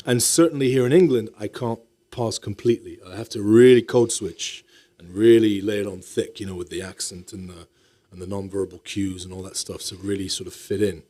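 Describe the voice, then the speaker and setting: A man from Morocco with a low, mellow voice talks through a casual podcast interview. He is a middle-aged actor, thoughtful, and he often repeats words and starts his sentences over. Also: steady tone, a little fast. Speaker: guest actor.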